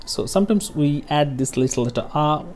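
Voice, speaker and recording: A man's voice: a little high, lively intonation, moderate pace, darkish tone, a little hiss or hum. A man teaching pronunciation over a lesson walkthrough, repeating example words and often checking in with "okay?". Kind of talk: screen-share lesson walkthrough.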